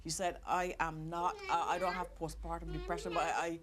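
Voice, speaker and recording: Older lady in an interview, kinda low voice, keeps restarting, noisy background. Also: little pitch movement, brisk, a bit bright. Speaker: interviewee, mother of new mother. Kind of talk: documentary interview. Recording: clear background noise.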